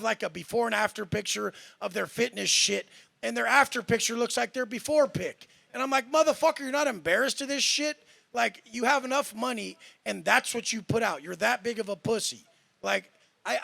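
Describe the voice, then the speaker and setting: A man's voice: high voice, vocal fry, fairly bright tone. A man in a heated panel debate, talking in a profane, boastful and combative way. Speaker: panel guest.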